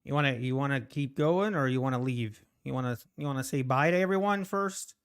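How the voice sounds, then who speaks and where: A man's voice: mid-range voice, a little fast, clean tone. A man hosting a live trading stream, chatting casually with viewers, sighing and teasing, out of breath. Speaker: trading livestream host. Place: home.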